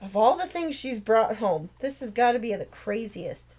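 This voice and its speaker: A woman's voice: a little high, very animated, moderate pace, darkish tone. A woman voicing a wry, easygoing retired Marine father in his sixties.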